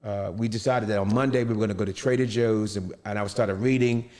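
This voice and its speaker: Halting middle-aged man in long reverb. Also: on the low side, fairly even intonation, a little mellow. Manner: halting, with many restarts and fillers. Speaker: interviewee. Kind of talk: personal storytelling.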